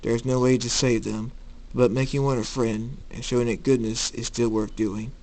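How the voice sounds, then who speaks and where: A man voicing a solemn male master warning his students in an amateur story reading, grave and measured. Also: mid-range voice, flat delivery, a little mellow, natural voice, rough recording.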